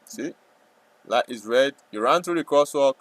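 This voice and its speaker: A man talking casually over a live trading stream, rambling and joking, sometimes breaking into loud playful yelling. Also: mid-range voice, lively intonation, measured pace, dry recording, rough recording.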